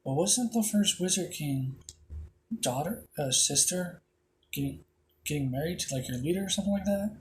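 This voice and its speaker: A man's voice: a little high, expressive, moderate pace, slight background noise, pitched above the performer's own voice, close to an everyday voice. A man voicing a polite, earnest young male hero while retelling a fan story in his own plain voice. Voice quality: plain retelling voice, hardly acted.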